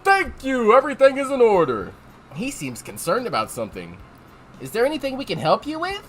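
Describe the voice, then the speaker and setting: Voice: mid-range voice, huge pitch swings, a little fast, a bit bright, a little hiss or hum, voice pushed up. A streamer voicing a polite, formal old male train conductor on the last day of his career. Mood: courteous.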